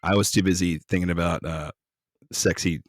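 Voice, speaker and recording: Very deep-voiced joking man, dry mic. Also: normal speed, dry recording. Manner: joking, profane, relaxed. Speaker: podcast co-host. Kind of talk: casual podcast chat.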